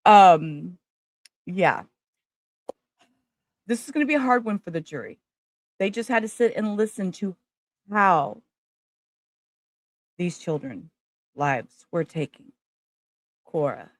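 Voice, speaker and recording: A woman's voice: lowish voice, expressive, takes it slowly, long pauses, no room sound. A woman hosting a casual livestream, talking emotionally and straight to her viewers. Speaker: livestream host.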